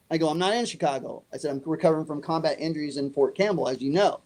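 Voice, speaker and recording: Animated middle-aged man telling a story. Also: fairly high pitch, quick pace, few pauses. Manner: animated, acts out dialogue. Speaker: guest. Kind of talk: storytelling interview.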